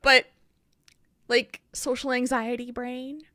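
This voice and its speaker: A woman co-hosting a casual podcast chat, telling a story in an animated, self-deprecating way. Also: sits high, slow, dry recording, clean studio sound. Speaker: podcast co-host.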